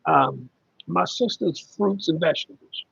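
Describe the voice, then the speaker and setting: Gravelly, husky man chatting on a livestream. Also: fairly high pitch, a little slow, a bit bright, no room sound, highs cut off. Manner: rambling, conversational, many ums. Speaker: livestream host talking about caregiving. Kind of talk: casual livestream chat, reading viewer comments.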